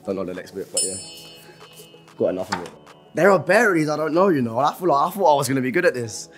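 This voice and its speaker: A man's voice: mid-range voice, sing-song, quick pace, soft background music. A young man, chatting casually while playing a lyrics game, laughing often and apologizing. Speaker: musician guest.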